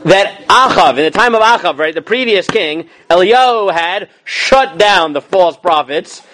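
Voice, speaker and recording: A man with a fairly high, bright-sounding voice leads an informal Torah class as a rabbi. He moves between chanting Hebrew verses and loose, animated paraphrase. He keeps checking in with his students as he goes. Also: unhurried. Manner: animated, casual, acts out quoted lines; questions students often, adds "right?".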